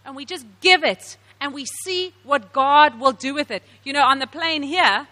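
A woman from South Africa giving a sermon to women, telling stories with animated laughs. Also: sits high, normal speed, long reverb tail. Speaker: women's ministry speaker.

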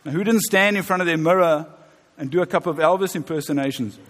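A high-voiced man in his fifties preaches a sermon in a conversational, joking way. His voice carries through a reverberant church hall with a long tail. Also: fast, a bit bright. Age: 50s. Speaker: pastor.

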